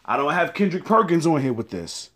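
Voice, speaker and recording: A man hosting a casual sports talk show, animated and slangy, hyping up his co-host. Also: fairly high pitch, brisk. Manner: animated, slangy, hyped-up delivery.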